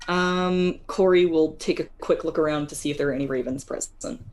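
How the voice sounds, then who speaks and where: A woman's voice: sits low, steady tone, brisk, a little mellow. A woman playing a tabletop game, declaring her character's actions with hesitant "um"s. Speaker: player.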